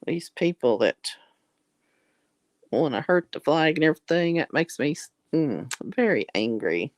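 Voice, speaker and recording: A woman's voice: sits low, very animated, unhurried, dry recording. A woman with a Southern US accent chatting casually with viewers on a livestream, folksy and affectionate, calling people honey and blessing their hearts. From Southern United States. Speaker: livestream host.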